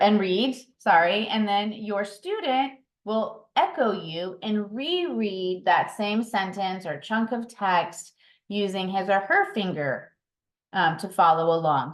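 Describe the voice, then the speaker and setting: Woman explaining reading routines, roomy echo. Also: medium pitch. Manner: explanatory, patient, with frequent ums and self-corrections. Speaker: mentor trainer. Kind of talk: instructional training talk.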